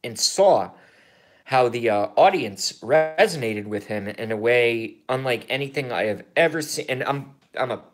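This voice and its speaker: Speaking unhurriedly in a mid-range voice, a man in his thirties delivers a rambling political vlog on YouTube. He's excitable and swears, swinging from muttered asides to loud bursts and going over the same points again.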